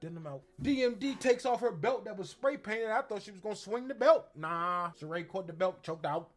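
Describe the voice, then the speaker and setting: Male host, high voice, casual slangy wrestling recap, lively impressions of quotes. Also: a little fast, few pauses, soft background music. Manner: slangy, animated, acts out quotes in exaggerated voices. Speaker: wrestling show reviewer.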